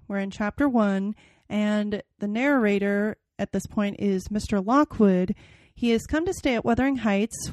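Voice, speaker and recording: A woman hosting a podcast, chatting casually and reading a novel passage aloud with animated expression. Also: mid-range voice, no echo. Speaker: podcast host. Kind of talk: casual chat and dramatic reading.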